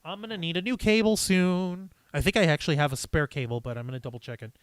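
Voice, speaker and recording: A man hosting a live stream, chatting casually and reading viewer comments in a profane, rambling, animated way. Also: fairly high pitch, fast, clean tone, dry recording.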